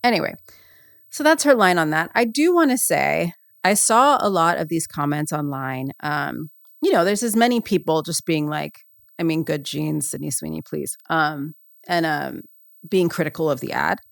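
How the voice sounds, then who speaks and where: A woman's voice: sits low, lively intonation, normal speed, creaky, no room sound, studio quality. A woman hosting a podcast in casual, comedic chat, rambling and sarcastic with lots of fillers. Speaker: podcast host.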